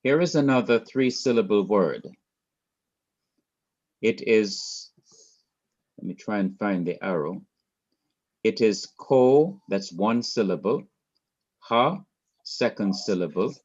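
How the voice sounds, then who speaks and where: A man's voice: fairly low pitch, measured pace, long pauses, darkish tone, slightly rough, muffled recording. A man teaching a class, explaining step by step, repeating his points and quizzing a student. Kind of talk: class lecture.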